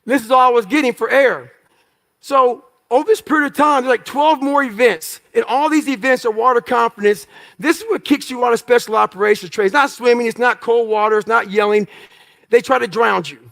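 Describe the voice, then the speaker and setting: This motivational speaker has a very high, brisk voice, creaky and a bit bright. Telling his life story to a crowd, he speaks in punchy, profane bursts and acts out his thoughts from those days.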